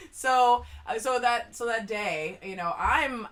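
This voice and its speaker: A woman co-hosting a podcast, telling stories in a lively, laughing, casual way. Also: on the high side, takes it slowly. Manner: animated storyteller, often laughing. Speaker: podcast co-host. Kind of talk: casual chat. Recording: distant mic.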